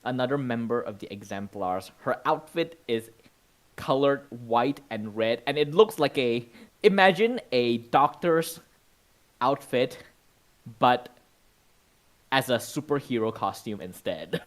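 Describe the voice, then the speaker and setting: A man's voice: mid-range voice, animated, measured pace, rough recording. A man narrating a tabletop role-playing game as game master, in a casual, descriptive way with lots of "sort of, like".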